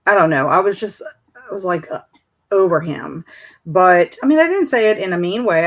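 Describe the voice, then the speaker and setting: Chatty woman host, low voice. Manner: chatty, reads out viewer comments. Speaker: host of a livestream. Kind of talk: casual livestream chat.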